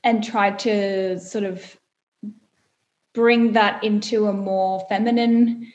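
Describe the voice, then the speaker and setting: A woman's voice: medium pitch, fairly even intonation, slow pace, a little mellow, lo-fi sound. A young woman, an actress chatting thoughtfully in an interview with many fillers. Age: young adult. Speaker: actress guest. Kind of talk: casual interview chat. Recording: roomy echo.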